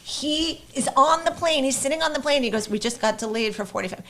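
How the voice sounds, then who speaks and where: A woman, a show producer, telling an animated story in casual chat and laughing often. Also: high-pitched, brisk.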